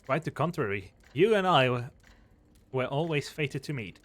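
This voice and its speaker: A man's voice: medium pitch, animated, moderate pace, a bit bright, slight background noise, natural voice. A man voicing a grandiose being that calls itself the end of time, speaking in solemn, portentous pronouncements. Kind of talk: voicing game dialogue.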